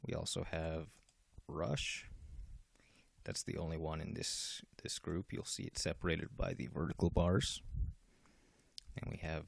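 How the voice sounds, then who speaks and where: A man's voice: extremely low pitch, flat delivery, unhurried, gravelly, husky, no echo. A man casually walking through the features of a game program he made, explaining step by step with fillers and restarts. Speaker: game developer demoing his software. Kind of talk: casual software walkthrough.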